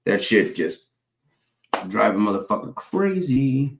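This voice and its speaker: A man's voice: lowish voice, sing-song, takes it slowly, gravelly, slight background noise, low-quality recording. Profane, rambling young man streamer. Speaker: streamer chatting with viewers. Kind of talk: casual chat.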